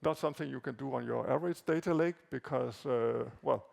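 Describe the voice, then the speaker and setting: Man, native Danish speaker, conference presenter, very gravelly voice, halting with fillers. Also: mid-range voice, darkish tone. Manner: halting, with frequent fillers and repeated words. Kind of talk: conference talk walking through slides. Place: conference hall.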